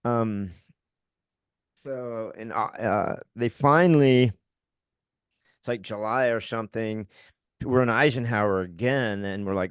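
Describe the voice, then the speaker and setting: A middle-aged podcast co-host tells a personal story, heated and swearing, acting out what other people said. His voice is fairly low and unhurried, with long pauses, in a clean recording without echo.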